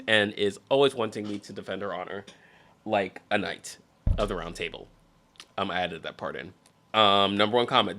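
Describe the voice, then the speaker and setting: A man hosts a casual talk show, reading relationship stories aloud and cutting in with sassy commentary. His pitch swings widely and his tone is bright. He keeps sighing that he is tired in a mock-exasperated way. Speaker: podcast host.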